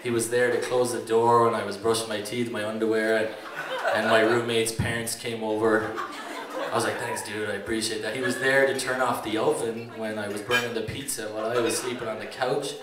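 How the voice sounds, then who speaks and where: A man's voice: on the low side, flat delivery, brisk. Irish best man, 30s, loose and jokey; distant mic in a noisy reception room. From Ireland. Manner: joking and rambling, laughing often. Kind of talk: wedding toast speech. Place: wedding reception venue. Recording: roomy echo, distant mic, background noise.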